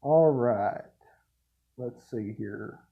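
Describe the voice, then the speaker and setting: A man's voice: medium pitch, very slow, slightly rough, phone-quality sound. A man hosting an online interview show, talking in a friendly, casual way and calling his guest buddy and sir. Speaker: show host.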